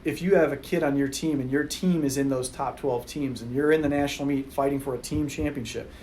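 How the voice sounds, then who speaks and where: A man's voice: medium pitch, steady tone, fairly quick, darkish tone, a little hiss or hum, rough recording. A man talking casually on a podcast about college track, rambling with restarts.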